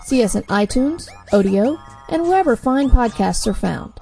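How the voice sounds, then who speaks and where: A woman's voice: fairly high pitch, animated, moderate pace, creaky, warm tone, faint music behind. A woman reading a short scripted promo for her own podcast, wry and self-mocking. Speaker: podcast host doing a promo.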